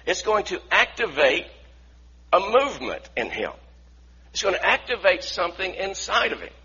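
Animated male preacher, bright husky voice. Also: sits high, moderate pace. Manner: animated, acts out voices from the story, asks the congregation to repeat. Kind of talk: sermon. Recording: dull lo-fi recording.

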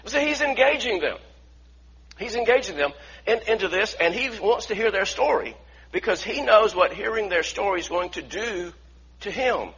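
A man preaching a sermon in an animated way, acting out the voices of the people in the story. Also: high-pitched, normal speed, breathy edge. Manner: animated, acts out voices from the story, asks the congregation to repeat. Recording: dull lo-fi recording.

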